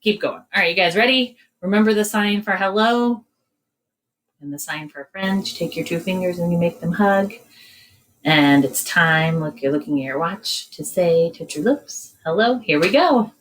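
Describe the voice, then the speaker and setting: A woman in her forties leading a children's storytime, talking gently in a sing-song way and reading a picture book aloud. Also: fairly low pitch, moderate pace, rough recording. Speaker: children's librarian. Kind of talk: storytime reading and singing for kids.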